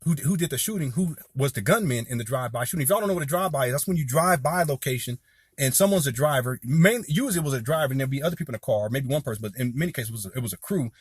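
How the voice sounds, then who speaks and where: Racing through a heated ramble, a Southern Californian video commentator in his forties speaks straight to camera and calls his audience "y'all." He has a mid-range voice that's expressive and slightly rough, recorded dry at studio quality.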